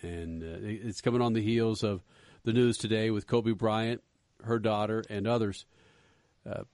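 A man's voice: fairly low pitch, steady tone, moderate pace, darkish tone, no room sound, studio quality. A man co-hosting a radio show, rambling through stories in casual on-air chat and laughing often.

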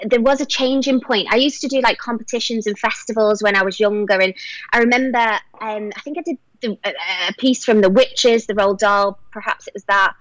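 A young actress and singer from England with a Liverpool accent, chatting enthusiastically as an interview guest and laughing often. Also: female voice, medium pitch, a bit bright, no room sound, low-quality recording. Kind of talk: casual interview chat.

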